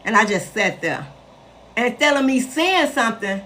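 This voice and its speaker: Chatty woman in her sixties, high-pitched. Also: very animated, moderate pace, a bit bright. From west side of Chicago. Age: 60s. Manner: chatty, emphatic, speaks straight to viewers. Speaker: host addressing live viewers. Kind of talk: casual live-stream storytelling.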